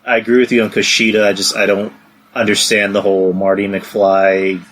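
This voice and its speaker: A man co-hosting a podcast in casual chat, hesitant and halting as he speaks. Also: on the low side, flat delivery, a bit bright. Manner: hesitant, full of restarts and fillers. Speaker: podcast co-host.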